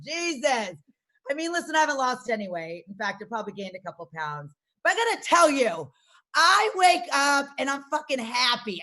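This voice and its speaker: A woman's voice: high voice, bright, forceful tone. A woman in her forties doing brash, self-mocking, profane stand-up comedy from her garage over a video call. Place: home garage.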